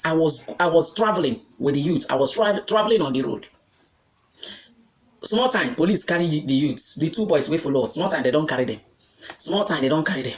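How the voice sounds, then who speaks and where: A woman with a Nigerian accent giving an emphatic opinion to her followers, repeating her points and firing rhetorical questions. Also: low voice. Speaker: vlogger reacting to news. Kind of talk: opinionated commentary in Pidgin and Igbo.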